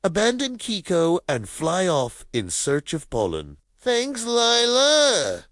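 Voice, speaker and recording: A woman narrating a cartoon story in an expressive storybook manner. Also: sits low, unhurried, dry recording. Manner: expressive, animated.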